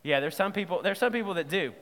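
A man preaching a sermon in a playful, lively way, quizzing his audience as he goes. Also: high voice, quick pace, long reverb tail. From Southern United States. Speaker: pastor.

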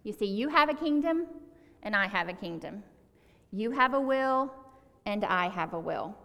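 Female preacher, earnest and conversational, slows for emphasis, mid-pitched, hall reverb. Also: expressive, bright, forceful tone. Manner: earnest, conversational, stresses words by slowing down. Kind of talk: sermon.

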